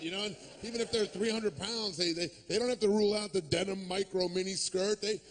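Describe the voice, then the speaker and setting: A male stand-up comedian, in his thirties, doing a profane, sardonic set on a club stage, jumping into quick character voices. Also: sits high, steady tone.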